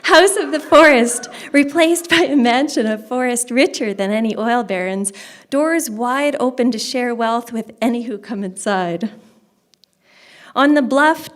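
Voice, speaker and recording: Woman poet reading her poems aloud. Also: a little high. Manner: hurried, chatty asides between measured poem reading. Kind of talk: poetry reading at a book launch.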